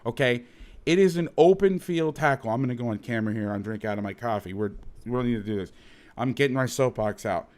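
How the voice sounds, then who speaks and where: A man at a middle, everyday pitch talks through football game film as a coach and host. His delivery is heated and blunt, full of swearing and emphatic repeats as he hammers home each point. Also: fast talker, darkish tone. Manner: heated, profane ranting with emphatic repetition. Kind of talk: football film breakdown commentary.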